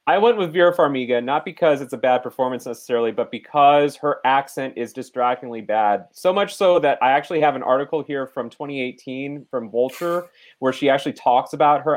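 A man in a casual movie podcast discussion, giving blunt, opinionated takes. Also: fairly high pitch. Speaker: podcast co-host.

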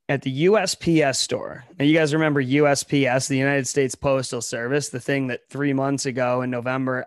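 A man's voice: medium pitch, no echo, clean studio sound. A young man from Ohio co-hosting a comedy podcast in a casual chat, full of sarcastic, ironic riffs. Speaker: podcast co-host.

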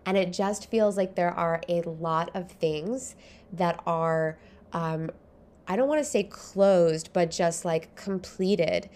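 A woman's voice: on the low side, slow pace, darkish tone. A woman hosting her own podcast, talking from home in a chatty, rambling way and laughing often. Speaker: podcast host. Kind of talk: casual solo podcast monologue. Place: home, early morning.

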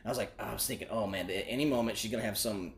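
A man in his forties rambles through a long personal story in a casual, profane chat, his lowish voice racing along. He laughs often and acts out the voices of the people in it, with a slight hiss or hum in the recording.

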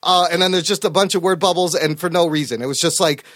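A man co-hosting a casual podcast chat, animated, profane and emphatic. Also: fairly high pitch, fast, no echo, studio quality. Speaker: podcast co-host.

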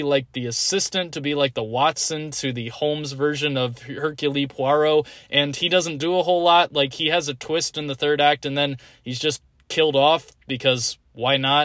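A man's voice: a little high, fairly bright tone, no room sound, clean studio sound. A man hosting a casual solo review podcast, talking bluntly and rambling with a lot of "like". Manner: candid, blunt, rambling with frequent "like". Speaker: podcast host.

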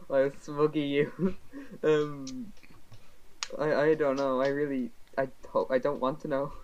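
A co-host, chipping in short quiet reactions during casual podcast chat. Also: mid-range voice, level tone, slow pace, pauses often, lo-fi sound, a little hiss or hum. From Ireland.

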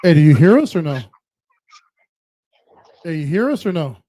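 A man's voice: a little high, sing-song, normal speed, mellow. A man co-hosting a casual, laughing chat, loose and informal. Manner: loose, laughing, says "bro" a lot. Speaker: co-host.

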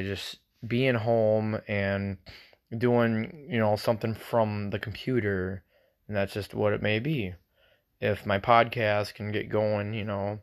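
A man's voice: on the low side, smooth. Rambling, cursing man hosting a podcast. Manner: rambling and loose, swears freely; self-conscious, thinks out loud. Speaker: solo podcast host. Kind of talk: casual solo podcast chat.

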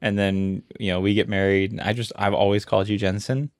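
A man's voice: lowish voice, little pitch movement, fairly quick. A man in his thirties from Hawaii, co-hosting a casual podcast chat in a joking, teasing way. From Honolulu, Hawaii. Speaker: podcast co-host.

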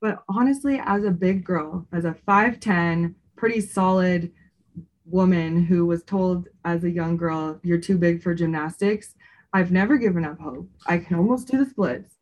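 A woman co-hosting a podcast, chatting casually in an expressive way, with lots of "like". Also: on the low side, measured pace. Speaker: podcast co-host. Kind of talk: casual chat.

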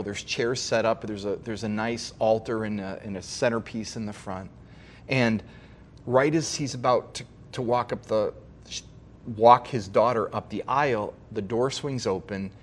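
A male pastor giving a sermon, telling a personal story in a halting, heartfelt way with frequent restarts. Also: lowish voice, a little hiss or hum.

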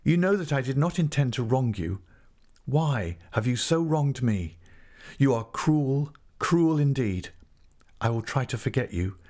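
A man's voice: mid-range voice, animated, unhurried, a little mellow, pitched above the performer's own voice, close to an everyday voice. A man reading an audiobook and voicing a proud, wounded young country woman in a raised voice, pleading and defiant by turns. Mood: bitter. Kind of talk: audiobook character voice.

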